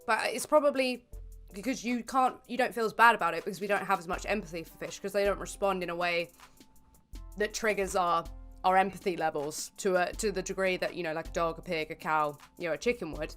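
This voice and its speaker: A woman's voice: lowish voice, a little fast, fairly bright tone, soft background music. A woman guesting on a casual chat, exasperated and swearing freely. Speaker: guest YouTuber.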